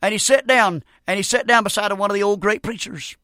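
Fervent high-voiced older preacher. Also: male voice, fairly quick, sharp tone, no room sound, clean studio sound. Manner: fervent, repeats "Amen" often. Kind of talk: sermon.

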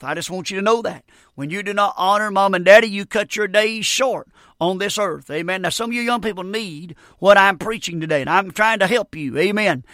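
A middle-aged man delivers a radio sermon in a high, sharp-edged voice. He speaks in a folksy, emphatic way and repeats his key lines. The sound is close and dry. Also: dry recording. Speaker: radio preacher.

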